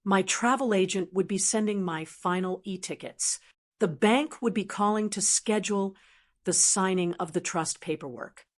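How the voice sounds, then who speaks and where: A woman narrating a first-person story in a calm, steady, measured way. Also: mid-range voice.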